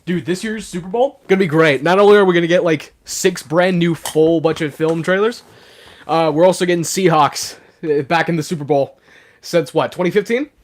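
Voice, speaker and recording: This young man is live streaming, chatting casually and reading messages from chat out loud. Being sick has made his voice rougher than usual, though it's still a little high; he talks at normal speed, chatty and excitable, with many fillers.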